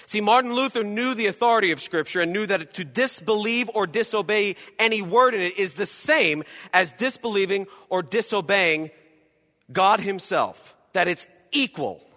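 A male pastor preaching a dramatic sermon in a church, acting out imagined voices and swinging between loud and quiet. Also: sits high, lively intonation, moderate pace, long reverb tail. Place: church hall.

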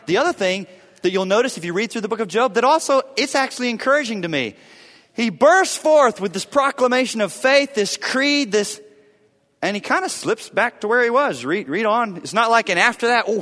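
A male pastor preaching a sermon, swinging between booming emphasis and hushed, quiet lows. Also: big-room sound.

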